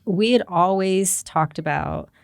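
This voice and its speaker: Woman in her forties, low voice, dry close mic, animated storyteller voicing others' lines. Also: slow, creaky, no room sound. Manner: animated, acts out quoted dialogue with laughs. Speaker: podcast guest. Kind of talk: candid personal storytelling.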